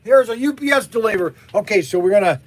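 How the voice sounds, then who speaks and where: A man hosting a live unboxing stream, excitable and constantly exclaiming in surprise. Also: sits high, fast talker, a little hiss or hum. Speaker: livestream host unboxing toy car samples. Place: indoor workplace.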